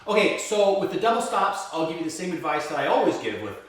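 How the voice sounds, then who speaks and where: A man's voice: high-pitched, very animated, quick pace. A male violin teacher walking through a piece step by step, explaining patiently and checking in with a frequent "right?". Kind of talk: step-by-step music lesson. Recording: roomy echo, mic set at a distance.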